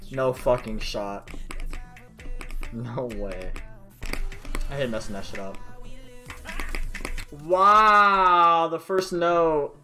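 A young man streaming from his desk mic, swearing and panicky as a rhythm game gets the better of him. He talks in a slow, drawn-out way. Faint game music and keyboard clicks run underneath. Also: mid-range voice, fairly even intonation, pushed and bright. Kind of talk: frustrated gaming stream commentary.

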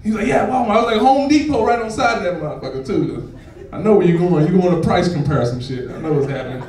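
A man performing a profane stand-up comedy set on a club stage, laughing and shouting as he tells stories. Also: high-pitched, lively intonation, fast. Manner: loud, laughing, profane storytelling to a crowd. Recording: echoey club recorded from far off.

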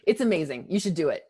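A woman in her thirties, a podcast guest talking candidly and emphatically. She restarts her sentences often and is close to tears. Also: low-pitched. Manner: earnest and emphatic, with frequent restarts. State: emotional, near tears. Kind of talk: candid conversational interview.

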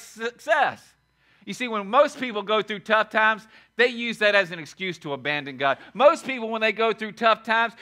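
A man preaching a sermon as pastor, emphatic and repetitive, swinging from shouted lines to quiet asides. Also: high voice. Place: church sanctuary.

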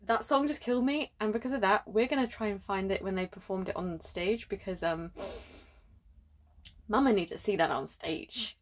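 A young woman hosting a reaction vlog, gushing breathlessly, sighing and slipping into soft whispers as she talks. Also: mid-range voice, lively intonation, normal speed. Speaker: reaction video host. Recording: faint music behind.

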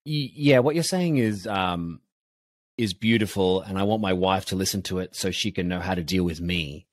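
A man's voice: deep voice, moderate pace, dry recording. A man hosting a podcast, casual and joking, thinking aloud as he talks. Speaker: podcast host. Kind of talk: podcast interview.

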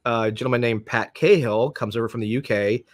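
Speaking briskly in a mid-range voice, this Florida man in his 50s, a police dog trainer, is a podcast guest telling casual, rambling stories and imitating the people he quotes. The audio is clean studio sound with no room noise.

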